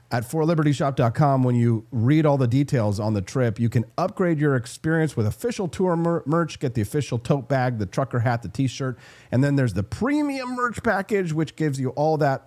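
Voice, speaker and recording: A man in his forties hosting a political talk show, joking and acting out quotes in his monologue. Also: mid-range voice. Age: 40s. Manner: animated, jokey, acts out quotes. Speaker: host.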